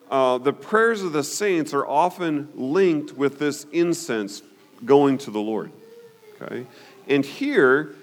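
A man teaching a Bible study in a conversational way, often pausing to ask "okay?" and putting questions to his listeners. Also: a little high. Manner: conversational, frequent "okay?" check-ins.

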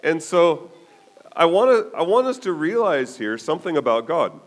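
This man's fairly high-pitched voice moves at a moderate pace as he preaches a sermon. As a pastor telling the story, he's animated and frequently asks "okay?" to check in.

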